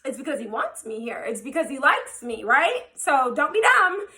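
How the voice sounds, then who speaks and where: Brief: young woman vlogger, frank and animated storyteller, high bright voice. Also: moderate pace. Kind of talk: storytime vlog.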